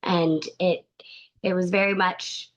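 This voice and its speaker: A woman speaking as a podcast guest in an earnest, halting way, often restarting her sentences. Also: fairly low pitch, level tone. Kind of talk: conversational interview.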